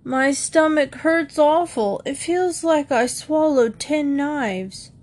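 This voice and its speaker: A woman's voice: high-pitched, slow pace, a little mellow, pitched above the performer's own voice. A woman voicing an eight-year-old boy who groans melodramatically to fake being sick. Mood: groaning.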